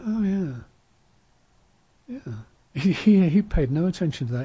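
A man with a very dark, mellow and husky voice talks slowly and thoughtfully in a casual discussion. He pauses and restarts sentences as he reflects. The sound is dry and close. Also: medium pitch, no echo. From outside the US.

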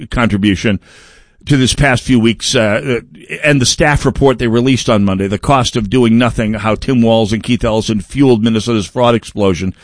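A man's voice: mid-range voice, no echo. A man hosting a political talk radio show, delivering a sardonic, digressive monologue into a close studio mic.

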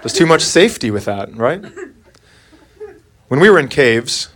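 A man's voice: mid-range voice, big pitch swings, measured pace, a crowd in the background. A man and father doing stand-up comedy, telling a wry, blunt story on a club stage.

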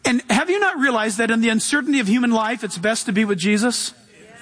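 A male pastor preaching a sermon with animated delivery, acting out voices and swinging between loud and hushed. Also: very high-pitched, fast talker, long reverb tail.

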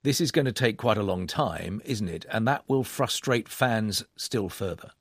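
Man, radio presenter, low husky voice, dry studio sound, measured formal questions. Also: animated, no echo. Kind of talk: live radio discussion.

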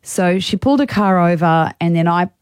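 A woman's voice: fairly low pitch, animated, moderate pace, smooth, dry recording, clean studio sound. A young Australian woman radio host telling a story in a chatty, rambling way, with lots of restarts. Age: young adult. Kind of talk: casual on-air storytelling. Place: radio studio. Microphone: studio mic.

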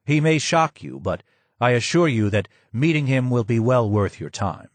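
A man's voice: medium pitch, big pitch swings, normal speed, no echo, natural voice. A man voicing a courteous, formal guide. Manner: polite and formal.

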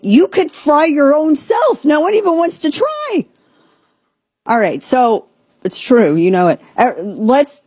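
A woman's voice: mid-range voice, husky, no room sound. A woman hosting a radio talk show, rambling and joking through opinionated chat in a studio. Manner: rambling, joking, animated asides. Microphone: studio mic.

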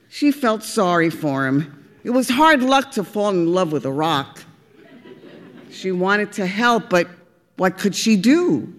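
A woman narrating a storybook, expressive and deliberate. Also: medium pitch, big-room sound. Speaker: audiobook reader.

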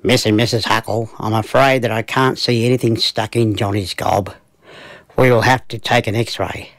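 Kind calm storybook doctor, a man putting it on, low-ish and soft, a little gravelly. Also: moderate pace, dry recording. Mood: gentle. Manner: gentle and reassuring. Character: calm, gentle male doctor.

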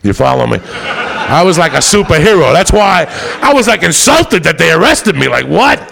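A middle-aged man telling a profane, rowdy stand-up story, loud and rambunctious, with a gravelly voice. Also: very animated, normal speed. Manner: loud, profane, rambunctious, swings into high shouts. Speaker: stand-up comedian. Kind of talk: stand-up storytelling to a live audience.

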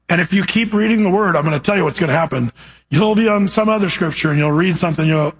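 A man with a husky, rather high voice preaches a verse-by-verse sermon. He reads scripture aloud and keeps turning to his congregation with earnest, direct questions. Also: fast, a bit bright, low-quality recording. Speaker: pastor.

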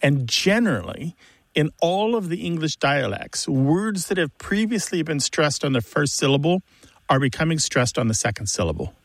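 A man's voice: on the high side, sing-song, normal speed, no echo. A man co-hosting a radio call-in show, explaining word pronunciation with enthusiasm. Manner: explanatory, enthusiastic about words.

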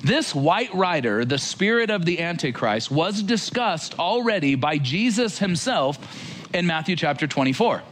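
A male preacher delivering a sermon with a lively, rising and falling delivery. His voice sits a touch high for a man. He keeps it conversational and speaks directly to the people listening. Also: a little slow, a little hiss or hum. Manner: animated, conversational, direct address.

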